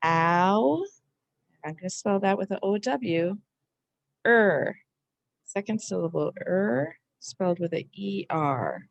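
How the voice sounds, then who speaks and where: A middle-aged woman teaching a slow spelling lesson, overpronouncing each sound and syllable. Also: medium pitch, expressive, creaky, darkish tone, dry recording, lo-fi sound.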